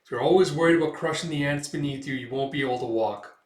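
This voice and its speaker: A man's voice: a little high, fast talker, lightly acted. A man voicing a grim, blunt swordsman. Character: grim young male swordsman, cold and blunt. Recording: echoey room, mic set back.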